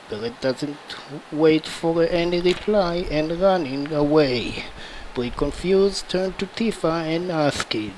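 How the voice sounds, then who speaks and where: A man narrating a fan-made game story over footage, in a slow, plain retelling. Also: fairly high pitch, a little mellow, a little hiss or hum, poor audio.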